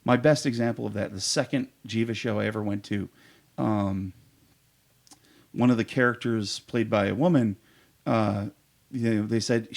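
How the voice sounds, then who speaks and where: A man's voice: fairly low pitch, moderate pace, creaky, long pauses. A man chatting casually on a podcast as a guest improv performer, telling eager, rambling stories full of fillers.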